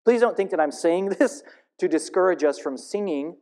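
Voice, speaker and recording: A man's voice: sits high, lively intonation, normal speed, darkish tone. A man who leads music at his church, preaching a sermon in an earnest, candid and confessional way.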